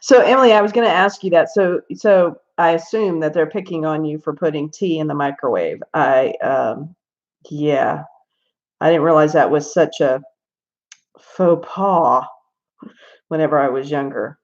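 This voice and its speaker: A woman's voice: low voice, measured pace. A Southern American woman hosting a casual coloring livestream, chatting and telling stories with lots of laughs and asides. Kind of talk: casual chat while coloring. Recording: slightly dull lo-fi stream audio.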